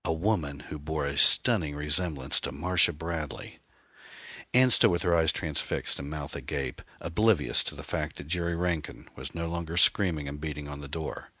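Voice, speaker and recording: A man giving scripted audiobook narration of a thriller in a steady, suspenseful reading. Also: a bass voice, breathy edge, no echo, studio quality.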